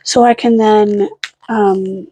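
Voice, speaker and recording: A woman's voice: medium pitch, steady tone, slow pace, dark tone, a little hiss or hum. A young woman vlogging at home late at night, rambling casually, swearing now and then and cooing at her dogs. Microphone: camera on a fixed stand.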